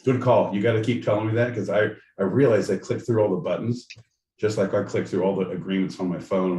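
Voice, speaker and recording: A man's voice: on the low side, steady tone, fairly quick, warm tone, distant mic. A man co-hosting a podcast in casual chat, rambling, jokey and profane. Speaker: podcast co-host. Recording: roomy sound, off-mic, faint noise.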